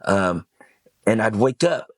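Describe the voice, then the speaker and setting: A middle-aged man, a podcast guest, telling a personal story in casual talk, swearing freely and acting out what people said in a raised, animated voice. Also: fairly low pitch, slow, no room sound, studio quality. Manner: animated, swears, acts out quoted lines in a raised voice.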